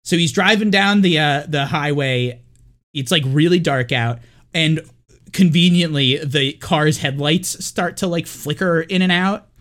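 A man's voice: on the high side, unhurried, fairly bright tone. A man co-hosting a podcast, recapping a film in a rambling, casual way, full of likes and uhs. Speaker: podcast co-host.

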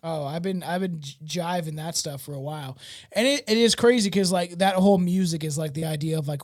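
A man co-hosting a podcast with a notably high voice. He talks casually and loosely, rambling, swearing often and padding his sentences with fillers. He sounds like he's in his thirties. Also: fairly quick. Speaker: podcast co-host. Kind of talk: casual chat.

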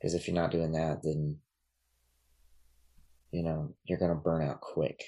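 A man talking as a podcast guest in casual chat, relaxed and rambling, with many fillers and restarts. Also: very deep voice, a little slow, husky.

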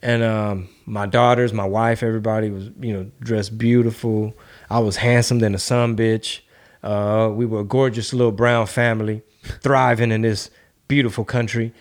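A man's voice: on the low side, normal speed. A man co-hosting a casual podcast, swearing freely and telling stories with energy, dropping in Spanish words. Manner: profane, animated storytelling, slips into Spanish words. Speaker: podcast co-host.

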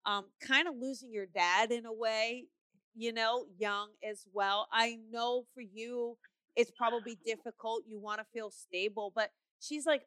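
A middle-aged woman hosts a call-in show as a psychic medium, passing on reassuring messages to callers. Her voice is bright and crisp, a little higher than most. The sound is dry and close. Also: fairly even intonation, a little slow, dry recording. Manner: warm, reassuring, calls callers honey. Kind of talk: call-in radio show reading.

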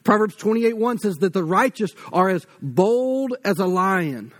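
A man's voice: sits high, expressive, unhurried. A man preaching a sermon in a conversational, folksy way, with casual asides. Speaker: pastor.

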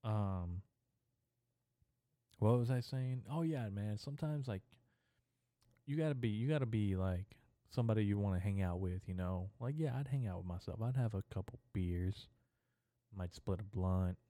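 A man's voice: fairly low pitch, moderate pace, mellow, dry recording, studio quality. A young adult man hosting a podcast, delivering a rambling, profane, stream-of-consciousness comedy monologue. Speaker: podcast host.

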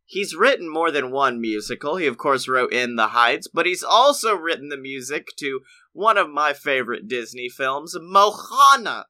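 A man co-hosting a casual theme park podcast, excitable and quick to laugh, ranting with rising energy. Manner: excitable, laughs often, rants with rising pitch. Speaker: podcast co-host. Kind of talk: casual chat.

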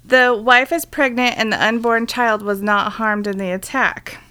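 Co-hosting a laid-back podcast, a woman with a slightly high, bright, forceful and clean voice reads a crime story at normal speed with fairly even intonation. She interrupts the news reading with blunt, irreverent, profane asides and jokes.

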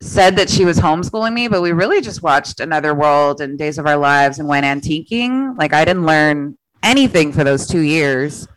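A chatty woman guest recounting her past with frequent laughter. Her voice is smooth and resonant, recorded close and dry with no room sound. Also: sits low, moderate pace, few pauses, no echo, rough recording. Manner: chatty, laughs often, quotes herself in animated voices. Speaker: comedian guest. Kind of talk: casual interview storytelling.

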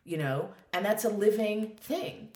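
A woman telling a candid personal story in a conversation, expressive and quick to swear, acting out her own thoughts as she goes. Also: mid-range voice, reverberant. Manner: expressive, swears freely, acts out quoted thoughts. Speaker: guest.

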